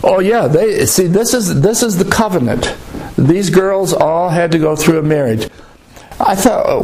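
An older man telling a story in a casual, halting way, with many restarts and pauses. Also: on the high side, lively intonation, a little mellow, poor audio. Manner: rambling, halting, with restarts and hesitations. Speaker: storyteller recounting a trip. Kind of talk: casual spoken recollection.

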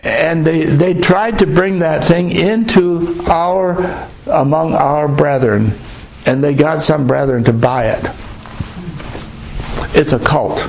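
Rambling older man with a gravelly voice. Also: a little high, a little hiss or hum, low-quality recording. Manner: rambling, halting, with restarts and hesitations. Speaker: storyteller recounting a trip. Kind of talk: casual spoken recollection.

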